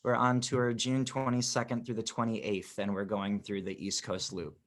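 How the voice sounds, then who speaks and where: A man's voice: on the low side, level tone, moderate pace. A man talking as a musician guest on a podcast, in an eager, rambling way. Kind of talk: casual interview chat.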